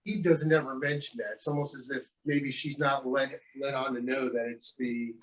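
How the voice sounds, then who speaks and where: Quiet man in a study group. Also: medium pitch, fairly even intonation, normal speed, low-quality recording.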